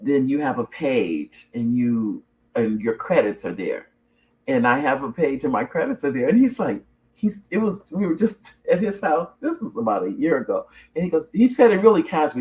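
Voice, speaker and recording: A woman's voice: sits low, moderate pace. A middle-aged woman hosting her own talk show, chatting casually, telling stories with laughs and restarts, and reading out viewer comments. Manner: animated storyteller, laughs often, restarts sentences.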